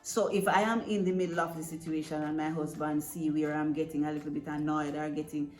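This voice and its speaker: A woman's voice: sits low, flat delivery, brisk, darkish tone. A woman giving earnest, direct advice to parents, often checking in with "right?". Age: adult parent. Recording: echoey room with faint music.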